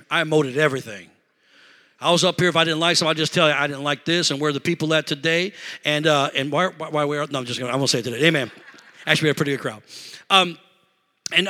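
Middle-aged guy preaching in church, bright voice, animated and emotional, keeps saying y'all. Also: on the high side. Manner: animated, emotional, talks to congregation with "y'all" and "amen". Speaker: pastor. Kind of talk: sermon storytelling. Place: church sanctuary.

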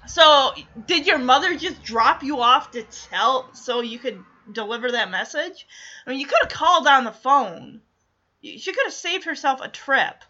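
A woman's voice: sits high, sharp tone, muffled recording. A woman giving casual, wry reaction commentary, chatty and acting out characters' lines as she recaps. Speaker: reaction video host.

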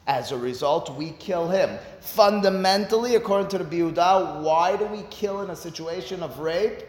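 A fairly high-voiced man leads a Talmud lesson, working through the text point by point. He keeps asking rhetorical questions and then answers them himself. His voice rings out in a big, echoey hall with a long, trailing reverb. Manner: explains step by step, posing rhetorical questions. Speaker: Talmud teacher. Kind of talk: Talmud study lecture.

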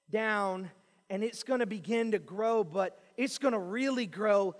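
High-voiced preacher pleading in a reverberant hall. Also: male voice. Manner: pleading, swings from hushed to shouted. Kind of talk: sermon.

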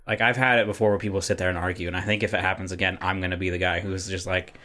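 A man's voice: deep voice, level tone, pushed and bright. A man ranting with plenty of swearing in casual podcast chat. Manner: fast, profane ranting. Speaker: podcast co-host.

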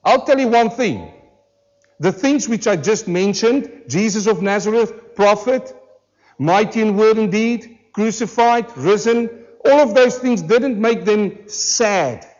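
A pastor preaching a sermon to a church congregation, emphatic and full of rhetorical questions, slowing down hard on key words. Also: male voice, high-pitched, animated, a little mellow, dull audio. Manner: emphatic, with rhetorical questions and slowed, drawn-out stresses. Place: church service.

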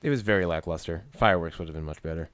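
A man's voice: low-pitched, racing, a bit bright, clean tone, no echo. A man co-hosting a casual podcast, tossing in dry, mock-outraged wisecracks. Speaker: podcast co-host. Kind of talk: casual chat.

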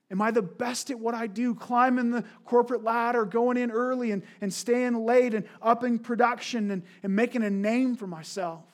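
A middle-aged man, a pastor preaching a sermon in an earnest way, asking rhetorical questions. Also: high-pitched.

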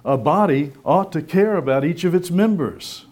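A man preaching a sermon, conversational and lively, firing rhetorical questions and acting out little voices. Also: on the high side, normal speed.

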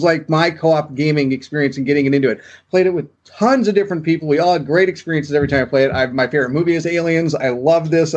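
A man's voice: fairly high pitch, breathy edge, muffled recording. A man telling rambling, enthusiastic stories during a casual chat on a gaming stream. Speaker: co-host.

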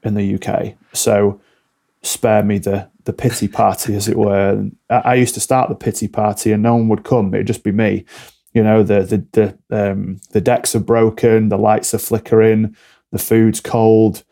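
A man speaks as a coaching guest on a podcast. He is blunt, direct and motivational. His low voice stays level, with a gravelly, mellow tone. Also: flat delivery, moderate pace. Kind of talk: podcast interview talk.

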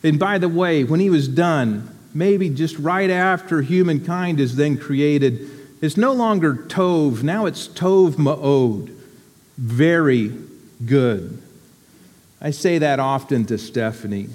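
A man with a somewhat high voice delivers a church sermon. He speaks very slowly and deliberately, with reflective pauses. His voice carries a long echo, as in a large hall. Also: expressive, a little mellow. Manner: reflective, unhurried, deliberate phrasing. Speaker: church community member giving a talk.

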